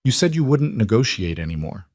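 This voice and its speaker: A man's voice: fairly low pitch, very animated, fairly quick, darkish tone, slightly rough, no echo, clean studio sound. A man voicing a tense, defiant young female nurse who asks pointed questions.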